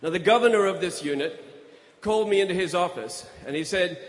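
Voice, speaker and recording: A man giving a storytelling speech on stage as a guest speaker, in a measured, grave way. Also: sits high. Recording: echoey hall.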